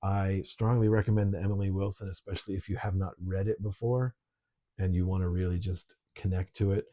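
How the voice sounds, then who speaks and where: Low husky guy teaching a book class online, easygoing, kinda dull lo-fi audio. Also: a little fast. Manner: relaxed, conversational, with frequent ums. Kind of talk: recorded online lesson.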